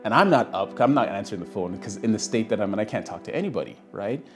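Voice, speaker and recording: Young man, casual storytelling, lowish voice, acts out quoted voices, soft guitar behind. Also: expressive, fast talker. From Canada. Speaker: guest telling his story.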